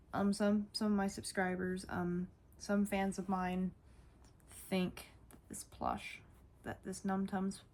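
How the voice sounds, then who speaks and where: A woman's voice: mid-range voice, gravelly, a little mellow, slight background noise. A woman vlogger showing off her toys in a casual, gushing way, often repeating herself. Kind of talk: casual toy show-and-tell.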